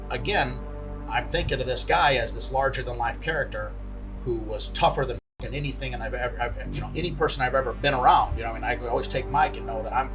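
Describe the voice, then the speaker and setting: A man telling a story in a documentary interview in a casual, profane way, acting out the dialogue. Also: medium pitch. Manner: profane, animated retelling with quoted dialogue. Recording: distant mic with music underneath.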